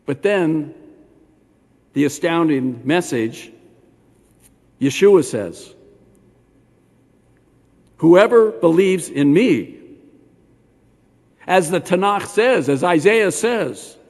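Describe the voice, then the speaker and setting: An older man, a rabbi preaching a sermon in a synagogue, animated and talking straight to the congregation with questions. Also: fairly high pitch, drawn-out words, long pauses. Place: synagogue sanctuary. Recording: long hall reverb.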